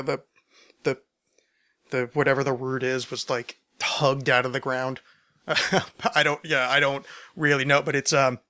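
A man's voice: mid-range voice, sharp tone. A man hosting a solo podcast, answering listener questions in a rambling, stammering, self-deprecating way, overcaffeinated. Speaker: podcast host.

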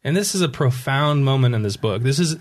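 Relaxed man walking through a picture book. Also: medium pitch, a little fast. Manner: relaxed, laughs often, guides breathing. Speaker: children's book presenter. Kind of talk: reading a picture book aloud in a conversation.

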